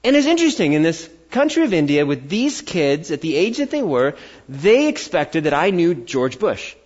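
A man's voice: a little high, sing-song, moderate pace, darkish tone. An American man preaching a sermon, telling a personal story and acting out the voices he quotes. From United States. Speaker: pastor. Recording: dull lo-fi sound.

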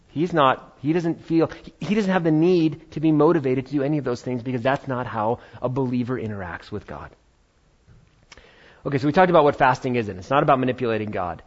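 A man preaching a sermon, retelling a Bible story with lively acted-out voices. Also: mid-range voice, highs cut off. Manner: animated storytelling, acting out biblical voices. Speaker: pastor.

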